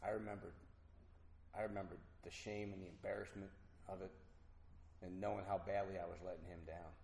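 A middle-aged man earnestly telling a personal recovery story to an audience, with halting restarts. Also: deep voice, level tone, creaky, a little mellow. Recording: roomy hall with faint noise.

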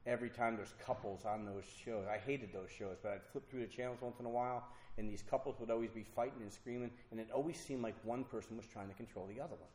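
A man's voice: medium pitch, fairly even intonation, quick pace, few pauses, darkish tone, reverberant. A man telling his own story of drinking and recovery to a group, candid and self-mocking, acting out the voices of the people he quotes. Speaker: speaker sharing a recovery story. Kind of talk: personal storytelling talk.

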